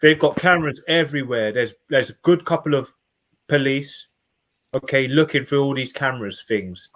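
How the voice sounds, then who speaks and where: A man, chatting casually and speculating out loud. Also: mid-range voice, moderate pace. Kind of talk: casual chat.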